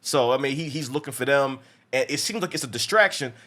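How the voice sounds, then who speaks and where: A movie review podcast host with a mid-range, expressive, slightly bright voice talks briskly as he casually recaps a film. He rambles with lots of restarts and profanity and acts out the quotes.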